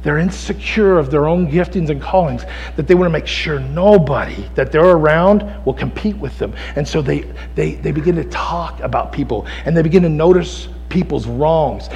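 A middle-aged male pastor preaching a sermon, swinging from hushed, intense passages to loud, shouted exhortation. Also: a little high, in a large hall, a little hiss or hum, poor audio.

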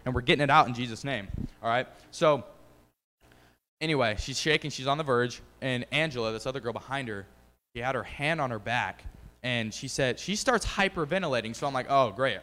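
A man's voice: mid-range voice, brisk, bright, forceful tone, in a large hall. A man giving a casual, rambling testimony about faith and preaching, full of fillers and restarts. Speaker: lay preacher.

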